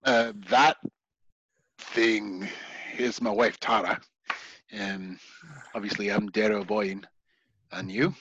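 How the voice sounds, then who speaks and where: A man voicing a burly, gap-toothed male chieftain who talks bluntly and fast, in a tabletop game. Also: lowish voice, steady tone, a bit bright, breathy edge, no echo, highs cut off, heavily acted. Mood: gruff.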